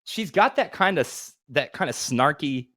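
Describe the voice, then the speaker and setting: A man's voice: fairly high pitch, lively intonation, normal speed, sharp tone, dry recording, studio quality. A man co-hosting a podcast, talking casually in a rambling, profane, storytelling way. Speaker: podcast co-host. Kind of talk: casual chat.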